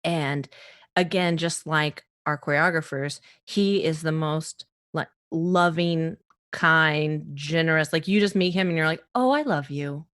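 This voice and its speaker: Woman comedian from the US East Coast, podcast guest; slightly low voice, animated storyteller who laughs a lot and acts out quotes. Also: a little slow. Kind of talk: storytelling in a casual interview.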